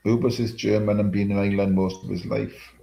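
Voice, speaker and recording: Host, middle-aged, low mellow voice, rambling sweary chat with chuckles. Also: male voice, flat delivery, fairly quick, gravelly, lo-fi sound. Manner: rambling, swears often, chuckles between remarks. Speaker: livestream host. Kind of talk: casual chat reading live comments.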